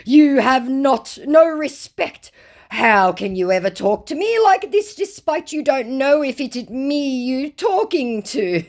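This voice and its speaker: A woman voicing a self-pitying male online scammer who begs in broken English, pitched high and slow. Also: sing-song, a little mellow. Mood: indignant. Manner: whiny, broken-English, begging.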